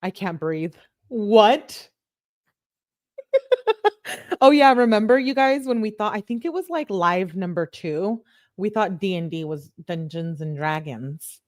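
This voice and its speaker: Female commentator, lowish voice, chatty, reads texts aloud, dry close mic. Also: animated, a little slow, long pauses, no echo. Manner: chatty, laughs often, talks to chat. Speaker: true crime commentator reading texts. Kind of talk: casual commentary reading messages aloud.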